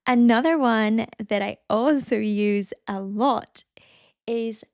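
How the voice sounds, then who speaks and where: A woman from Madrid with a Spanish accent gives a relaxed, chatty video lesson. She explains each point with examples in a middle-pitched voice. The recording is close and dry, with no room sound. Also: slow pace, no room sound. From Madrid, Spain. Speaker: Spanish teacher.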